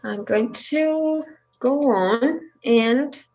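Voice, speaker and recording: Woman, Spanish native, teaching a language class over video call, unhurried delivery, slightly muffled audio. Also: on the high side, a little mellow. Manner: patient, explains slowly with many fillers. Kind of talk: online language lesson.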